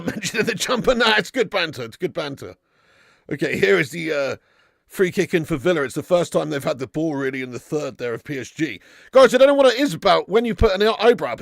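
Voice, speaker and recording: Give me a higher-pitched man joking and laughing as he reads chat messages on a live stream. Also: creaky, no room sound, studio quality. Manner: jokey banter, reading out viewer messages, laughing often. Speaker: watch-along stream host. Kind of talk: live football watch-along chat.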